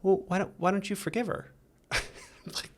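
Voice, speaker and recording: A man, a podcast guest, telling a personal story in earnest, halting speech with frequent restarts. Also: high-pitched, fairly even intonation. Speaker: interview guest. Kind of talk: candid storytelling in a recovery interview.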